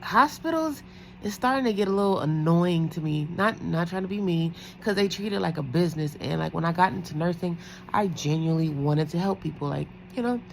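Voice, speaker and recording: A woman's voice: fairly low pitch, vocal fry, slight background noise, poor audio. A woman who works as a night-shift nurse, chatting casually in a storytime vlog, rambling with lots of fillers.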